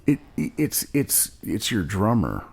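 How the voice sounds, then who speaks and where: A man's voice: fairly low pitch, huge pitch swings, measured pace, creaky, slightly rough. A man hosting a podcast, laid-back and chiming in with jokes in casual chat. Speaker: podcast host.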